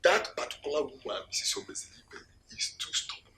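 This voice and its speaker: A man's voice: brisk, pushed and bright, whispered, close to an everyday voice. An actor playing a worried king plotting against a rival, speaking with a Nigerian accent. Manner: worried, conspiring.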